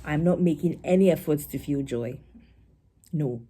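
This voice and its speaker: A young woman poet talks a live audience through her poem. Her voice sits a little low and sounds mellow and warm. She speaks in a reflective, conversational way and now and then acts out other people's words in a brighter tone. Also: normal speed, slightly rough. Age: young adult. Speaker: spoken word poet.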